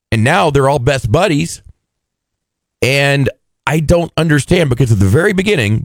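A man co-hosting a casual podcast recap of a TV show, exasperated and animated in his complaints. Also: no echo. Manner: animated, exasperated, mocks characters in high put-on voices. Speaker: podcast co-host.

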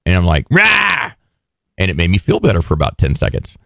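A man's voice: low voice, sing-song, racing, no room sound, studio quality. A man co-hosting a radio show, chatting casually and joking with a sarcastic edge. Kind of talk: casual on-air chat.

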